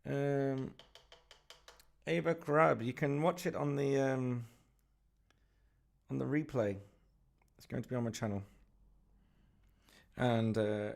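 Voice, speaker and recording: Male livestream art host, gravelly voice, rambling and self-mocking, casual painting chatter. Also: mid-range voice, steady tone, slow, long pauses. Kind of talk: casual live commentary while painting.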